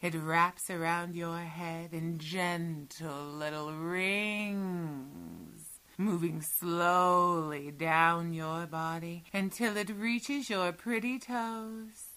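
A woman in a whispered role-play speaks with a slightly low, tense, bright voice. She draws out each soothing, commanding instruction at a very slow pace. Her voice often slips into breathy whispers. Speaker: hypnosis audio performer.

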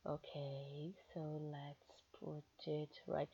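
Slow, low-pitched teasing woman, lo-fi audio. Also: vocal fry, husky. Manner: teasing and commanding; swings between hushed murmurs and loud outbursts. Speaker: audio role-play performer. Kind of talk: erotic audio role-play.

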